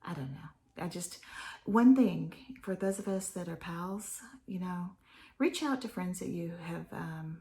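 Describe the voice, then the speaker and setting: Low gravelly woman rambling to camera. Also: expressive, a little slow, warm tone. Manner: chatty, meandering, drops to a whisper at times. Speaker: vlogger. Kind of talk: rambling casual vlog. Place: home office.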